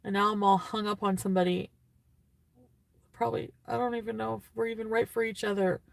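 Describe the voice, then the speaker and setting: A woman's voice: mid-range voice, level tone, brisk, vocal fry, no echo. Young woman vlogger, tearful, rambling vent full of "like"s and sighs. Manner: rambling, filler-heavy, sighing and venting. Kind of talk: rambling casual vlog talk.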